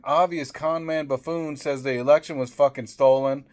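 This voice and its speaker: A man's voice: a little high, steady tone, normal speed, a little mellow. A man ranting angrily about politics, swearing constantly and tripping over restarts. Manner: profane, heated, repetitive stammering restarts. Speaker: political commentator. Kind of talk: angry political rant to camera.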